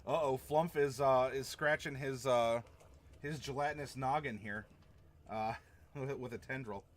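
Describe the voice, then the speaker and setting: A man's voice: medium pitch, measured pace. A man hosting a tabletop role-playing live stream, chatting casually and rambling with chuckles while reacting to chat. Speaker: stream host.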